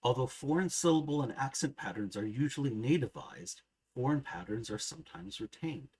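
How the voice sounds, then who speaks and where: A man narrating a scripted grammar lesson, measured and precise, slowly sounding out each example word. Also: mid-range voice, lively intonation, darkish tone, breathy edge, rough recording. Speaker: language teacher.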